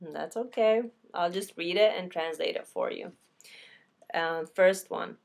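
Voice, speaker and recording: Slow, patient woman teaching a language. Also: fairly low pitch, creaky. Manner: slow, repeats each word twice; casual, self-correcting. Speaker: Arabic teacher. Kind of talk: beginner language lesson.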